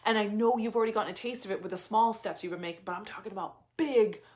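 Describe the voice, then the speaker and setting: A woman's voice: medium pitch, fast talker. Intense motivational woman coach. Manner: intense, swearing, repeats urgent commands; reads viewer comments aloud. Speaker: business coach. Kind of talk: motivational talk to a group.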